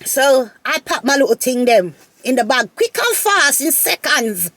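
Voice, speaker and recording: A woman telling a personal story to her viewers in a casual, animated way, often repeating phrases and laughing. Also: high voice, measured pace, no echo. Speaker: vlogger.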